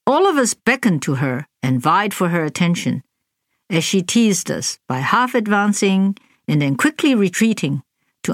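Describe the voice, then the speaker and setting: A woman reading a first-person memoir aloud in a measured, deliberate, even delivery. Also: on the low side, dry recording, studio quality. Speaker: audiobook narrator. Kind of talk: scripted narration of a memoir.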